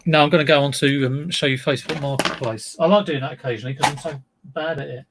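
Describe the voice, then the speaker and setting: A man's voice: mid-range voice, steady tone, fast talker, background noise. A middle-aged man chatting casually on a livestream as a reseller, rambling and self-deprecating.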